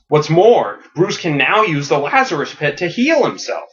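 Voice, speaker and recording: A man on a podcast retelling a comic story as a comedic pitch, animated and laughing at his own jokes, with quick character voices. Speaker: podcast host. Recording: dull lo-fi audio.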